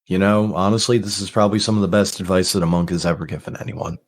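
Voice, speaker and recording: A man's voice: sits low, fairly even intonation, fast talker. A man as game master of a casual tabletop game, joking with his players and often cutting himself off mid-sentence. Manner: jokey, trails off and restarts.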